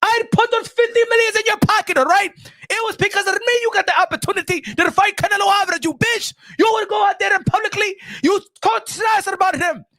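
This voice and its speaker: Cast a man doing a shouting, high-pitched promoter mogul, domineering. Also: measured pace, vocal fry, exaggerated voice. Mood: bossy shouting. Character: brash bossy boxing mogul man, loud and domineering.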